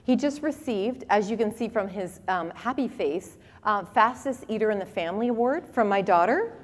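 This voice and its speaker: A woman in her forties giving a conference talk with animated, humorous storytelling. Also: mid-range voice, normal speed. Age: 40s. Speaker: conference speaker. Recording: long reverb of a hall.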